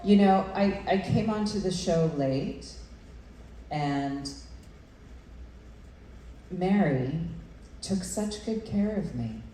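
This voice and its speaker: A woman on a convention panel, speaking hesitantly with many pauses and fillers. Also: fairly low pitch, lively intonation, dark tone, a little hiss or hum. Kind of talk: candid panel talk. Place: large convention room. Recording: echoey hall from far off.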